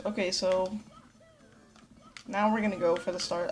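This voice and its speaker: A woman's voice: on the low side, steady tone, normal speed, pauses often, faint music behind. A woman giving casual, rambling let's play commentary, swearing a lot. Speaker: gameplay commentator.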